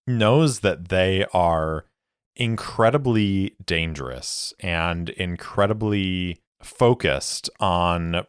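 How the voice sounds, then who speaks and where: Man narrating a solo tabletop game, calm and deliberate, deep and unhurried. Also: smooth, no echo, studio quality. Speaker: game master and solo player.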